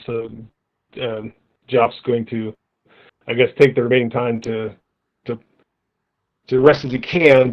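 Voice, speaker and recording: Flat-toned man at a game table. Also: medium pitch, muffled recording. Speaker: tabletop player.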